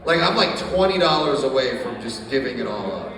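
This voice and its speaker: Deadpan stand-up man in an echoey room. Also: mid-range voice, brisk, far from the mic, slight background noise. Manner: deadpan dark jokes, swearing. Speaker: stand-up comedian. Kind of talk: stand-up set. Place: small coffee shop stage.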